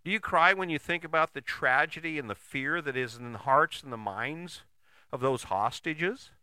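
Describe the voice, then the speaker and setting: A man's voice: a little high, normal speed, sharp tone, smooth, no echo, studio quality. A man giving a blunt, profane, emphatic motivational monologue, full of rhetorical questions and restarts.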